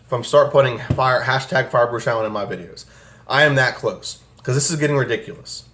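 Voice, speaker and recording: A young man with a mid-range, slightly bright voice rants briskly and with lively intonation about his football team on his fan channel. The sports commentary vlog is angry, profane and exasperated, filmed in a home room with an air conditioner.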